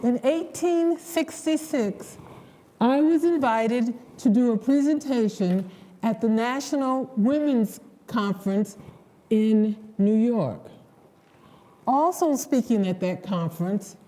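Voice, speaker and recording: Woman reenactor as a dignified 19th-century orator; slow, mellow, measured storytelling. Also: a little high, rough recording. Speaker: historical reenactor. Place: auditorium.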